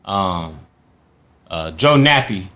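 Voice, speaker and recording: Taking it slowly in a low voice, a former boxing champion from Chicago, USA, tells a long story as a guest. His talk is casual and profane, and he animatedly performs other people's lines in their voices.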